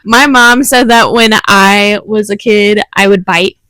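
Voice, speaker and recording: A woman's voice: mid-range voice, fairly even intonation, unhurried, sharp tone, no echo, poor audio. Giggly young woman, dry close sound. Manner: giggly, storytelling with acted quotes. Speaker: podcast co-host. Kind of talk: casual chat.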